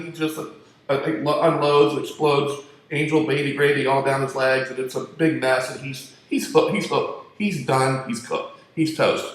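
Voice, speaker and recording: A man's voice: mid-range voice, a bit bright. Crude rambling man in an echoey room. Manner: crude, profane, joking. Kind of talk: rambling storytelling monologue.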